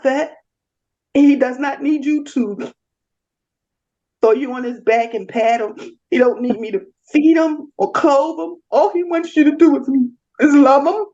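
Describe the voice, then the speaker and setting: A middle-aged woman, a mother and interview guest, speaking in a tender, halting, emotional way. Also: high-pitched, a little mellow, highs cut off.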